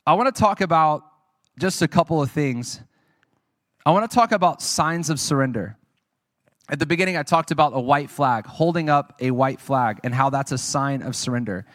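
A man's voice: a little high, normal speed, fairly bright tone, dry recording, studio quality. A man preaching a sermon, telling his own testimony in an earnest, conversational way and speaking to the audience.

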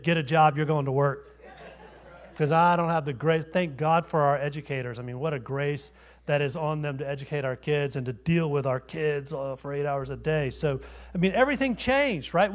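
A man, preaching a sermon as a guest pastor in a church, conversational and self-deprecating, asking rhetorical questions. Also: a little high. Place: church sanctuary.

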